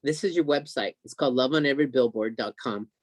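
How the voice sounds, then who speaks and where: A man telling an excited, emotional story as a guest on a video call, acting out what others said. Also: medium pitch, quick pace, no room sound. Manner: excited, emotional storyteller who acts out quotes.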